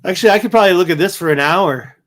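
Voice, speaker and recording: A man's voice: high-pitched, rapid-fire. Tired man rambling while browsing photos. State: tired, yawning. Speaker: livestream host. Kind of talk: casual livestream commentary.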